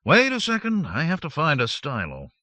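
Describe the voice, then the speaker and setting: A man voicing a grumpy retired male secret agent woken in the night, speaking clipped and gruff. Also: fairly high pitch, wildly swooping pitch, moderate pace, sharp tone, dry recording, pitched above the performer's own voice, exaggerated voice.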